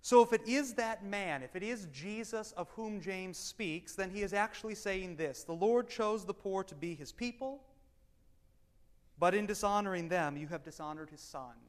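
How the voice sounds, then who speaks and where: A man teaching a Bible study class, animated and wry, swinging between loud emphasis and quiet asides. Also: sits high, moderate pace. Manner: wry, self-deprecating humor.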